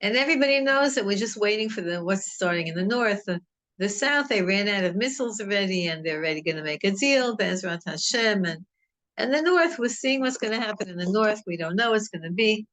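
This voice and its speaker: A woman's voice: medium pitch, lively intonation, a little fast, a bit bright. A middle-aged woman teaching a Torah class in an earnest, rambling way, with many restarts. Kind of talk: informal Torah talk.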